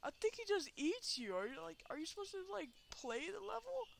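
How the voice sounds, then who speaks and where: A woman giving let's play commentary, excitable, laughing and shrieking, cursing at the game. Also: very high-pitched, a little fast, creaky, slight background noise. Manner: swears and exclaims at the game. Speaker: gameplay commentator.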